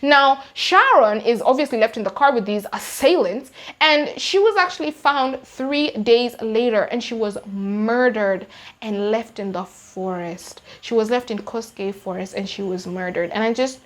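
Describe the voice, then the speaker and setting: A young Kenyan woman with a Kenyan English accent recounting a true-crime case in an animated, slangy, emphatic way. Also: on the high side, measured pace. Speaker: YouTuber. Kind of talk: true-crime storytime vlog.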